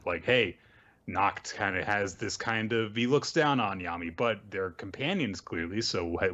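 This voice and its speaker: A man's voice: on the low side, a bit bright. A man co-hosting a podcast, talking over manga in a thoughtful, musing way. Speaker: podcast co-host. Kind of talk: casual manga discussion. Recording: dull, muffled mic.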